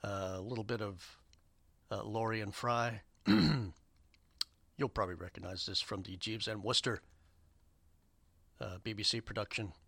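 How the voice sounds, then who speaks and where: A man hosting a community radio show, giving rambling shout-outs and station announcements with lots of fillers in an upbeat way. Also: fairly low pitch, a little slow, vocal fry, pauses often, no echo. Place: radio studio. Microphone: studio microphone.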